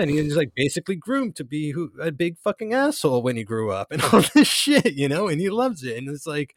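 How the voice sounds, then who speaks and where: A man co-hosting a podcast, talking excitedly and swearing freely. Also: on the high side, a little fast, hardly any pauses, no echo, studio quality. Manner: excitable, profane, animated asides. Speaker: podcast co-host. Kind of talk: casual chat.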